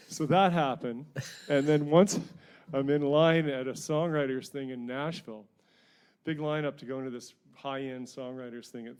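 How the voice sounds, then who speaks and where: A middle-aged singer-songwriter from New Brunswick, telling rambling, self-mocking stories between songs at a house concert. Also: male voice, medium pitch, a little mellow, clear, resonant tone. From New Brunswick, Canada. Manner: rambling, self-mocking anecdotes with frequent chuckles. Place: living room at a house concert.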